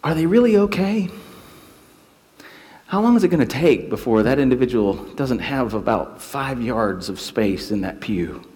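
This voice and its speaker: Animated male preacher in reverb. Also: mid-range voice, moderate pace. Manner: animated storytelling with acted quotes. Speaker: pastor. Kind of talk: sermon.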